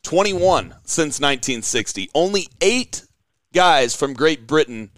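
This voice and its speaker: Podcast host, man, fairly high smooth voice, bantering and reading out stats, dry sound. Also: animated, measured pace, a bit bright, dry recording. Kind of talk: casual chat.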